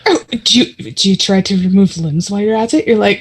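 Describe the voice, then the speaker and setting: A woman's voice: medium pitch, brisk, slightly rough. A woman player who grumbles sarcastically during a tabletop game. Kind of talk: casual game chat.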